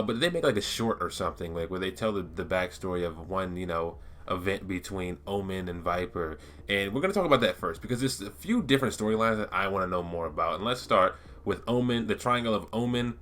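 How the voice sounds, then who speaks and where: A man with a fairly low but bright, forceful voice chats eagerly to his viewers in a casual gaming vlog. He rambles with plenty of fillers, restarts himself often, and keeps the tone loose and excited. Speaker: gaming YouTuber. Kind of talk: casual lore-talk vlog.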